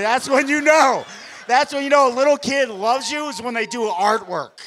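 A man doing stand-up comedy on a club stage, telling family stories in an energetic, conversational way to the audience. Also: high voice, fairly quick, slight background noise.

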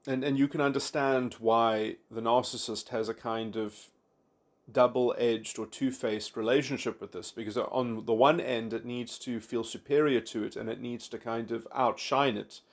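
A man's voice: medium pitch, steady tone. A man giving an unscripted philosophical monologue, reflective and abstract, with frequent restarts, repeated words and fillers. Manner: halting, many restarts and fillers. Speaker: philosophy commentator.

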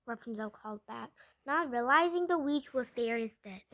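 Woman reading a fairy tale aloud, high-pitched, dry close sound, careful with occasional restarts. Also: animated, normal speed, a bit bright, no echo, poor audio. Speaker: storyteller. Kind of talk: storybook read-aloud.

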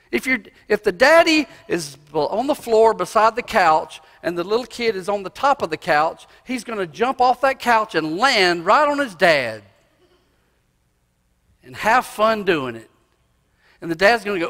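A male pastor preaching a sermon in a church, swinging from loud cries to hushed asides. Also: high voice, big pitch swings, a little slow. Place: church sanctuary. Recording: long reverb of a church hall.

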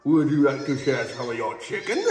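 Male vlogger as a campy fanged vampire, put-on accent, theatrical cackle, lively swooping delivery, outdoors. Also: mid-range voice, moderate pace, very noisy, close to an everyday voice. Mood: hammy. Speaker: wildlife ranch owner. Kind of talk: comedic in-character vlog. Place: outdoors on a ranch.

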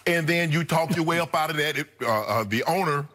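A middle-aged man, co-hosting a sports debate show and arguing his points emphatically, jumping up in pitch to act out what others say. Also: a little fast, sharp tone. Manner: emphatic, acts out quotes in a raised voice.

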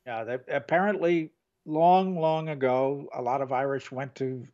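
A man's voice: mid-range voice, steady tone, normal speed, a little mellow, highs cut off. An older man co-hosting a casual chat, rambling and trailing off mid-sentence. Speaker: co-host.

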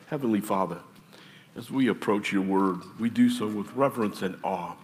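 Joking Midwestern pastor in a reverberant church. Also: male voice, lowish voice, moderate pace. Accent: American Midwest. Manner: chatty and joking between scripture readings. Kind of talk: sermon. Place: church sanctuary. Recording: distant mic in a reverberant church with faint ambience.

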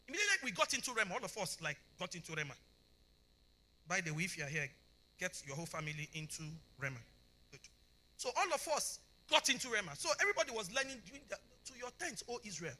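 Speaking at a conference, a forceful Nigerian woman in middle age delivers her testimony in a bright voice. She performs each character in her story, letting her pitch range widely, and repeatedly checks that the congregation is following along.

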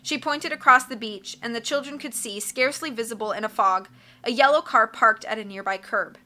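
Bright-voiced woman reading a storybook aloud. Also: fairly high pitch, brisk. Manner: expressive, lively reading with small slips and self-corrections. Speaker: audiobook reader. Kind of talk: storybook narration read aloud.

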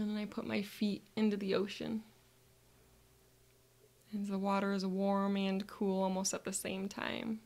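A woman narrating a calm guided visualization in the first person, speaking softly and sometimes slipping into breathy whispers. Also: medium pitch.

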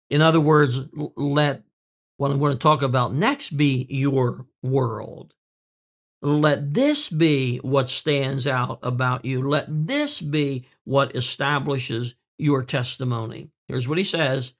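A man preaching a sermon in an earnest way, with fillers and repeated words, slowing down to stress key words. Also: mid-range voice. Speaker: pastor.

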